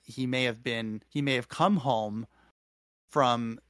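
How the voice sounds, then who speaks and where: A man co-hosting a podcast, recapping a show in a thoughtful, halting way with many restarts. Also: mid-range voice, fairly bright tone, no echo. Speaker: podcast co-host. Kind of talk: casual recap chat.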